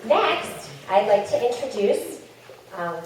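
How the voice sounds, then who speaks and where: A woman on the school staff acting as emcee, making ceremony announcements in a halting way with many ums. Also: a little high, very animated, darkish tone. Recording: echoey hall from far off, noisy.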